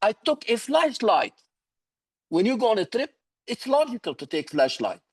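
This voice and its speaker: Higher-voiced man coaching humor. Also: big pitch swings, normal speed, darkish tone, breathy edge. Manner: instructive, repeats "okay?" to check understanding. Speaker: public speaking coach. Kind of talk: online speaking workshop lesson. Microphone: video call.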